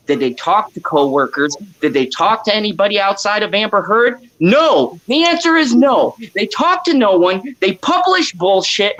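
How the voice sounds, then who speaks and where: Slow, heated woman ranting. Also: mid-range voice, low-quality recording. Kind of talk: casual livestream commentary.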